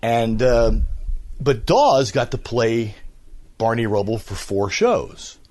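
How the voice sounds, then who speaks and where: Breathless man with a lively voice. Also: medium pitch, slow. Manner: animated, rambling storyteller who slips into impressions. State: out of breath, recovering from a cold. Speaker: voice actor and radio host. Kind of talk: casual interview chat. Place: at home, walking around.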